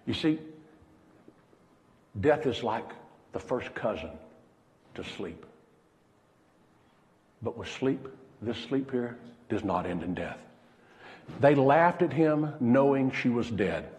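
A man preaching a sermon as pastor, pausing dramatically and dropping to a hush when he quotes someone. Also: medium pitch, long reverb tail.

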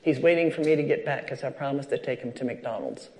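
A man's voice: medium pitch, fast talker, a little mellow. A man preaching a sermon at a church service, telling personal stories and acting out the voices in them. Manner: storytelling, acts out quoted dialogue.

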